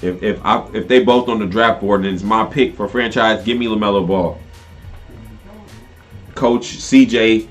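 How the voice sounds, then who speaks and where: A man hosting a casual live stream, reacting to a game and reading viewer comments aloud, animated and talkative. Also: fairly low pitch, normal speed, faint music behind.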